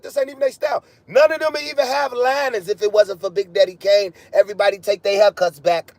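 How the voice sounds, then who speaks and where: A man's voice: extremely high pitch, a little mellow, dry recording. A man delivering a heated, profane, freewheeling podcast monologue, ranting and swearing constantly. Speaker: podcast host.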